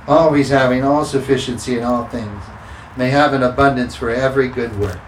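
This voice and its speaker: A man's voice: medium pitch, steady tone, fairly quick, slight background noise. A man preaching a sermon as pastor, emphatic and repeating scripture declarations. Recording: roomy sound with faint ambience.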